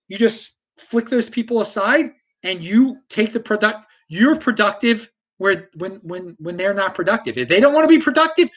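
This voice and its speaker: Ranting American man, lively pitch. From United States. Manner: opinionated, ranting. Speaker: livestream host. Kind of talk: solo livestream commentary reading chat.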